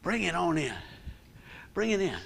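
A man's voice: high-pitched, sing-song, normal speed, gravelly, fairly bright tone, a little hiss or hum. A middle-aged man, a pastor preaching a sermon in a conversational, humorous way with call-and-response.

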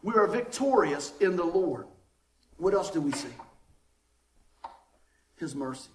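A man preaching a sermon in a church, animated and folksy, often asking the congregation for an "amen.". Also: on the high side, unhurried, reverberant, slight background noise. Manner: folksy, down-home phrasing. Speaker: pastor. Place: church sanctuary.

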